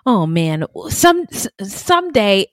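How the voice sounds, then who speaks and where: A woman's voice: mid-range voice, big pitch swings, slow, no echo. A woman co-hosting a true-crime podcast in casual chat, blunt and irreverent, laughing often. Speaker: podcast co-host.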